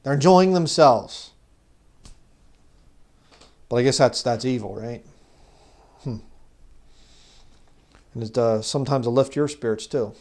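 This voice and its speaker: A man's voice: mid-range voice, steady tone, moderate pace, long pauses. Casual man teaching the bible. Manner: conversational, rises loud when reading scripture; mocks legalists in put-on voices. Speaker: preacher.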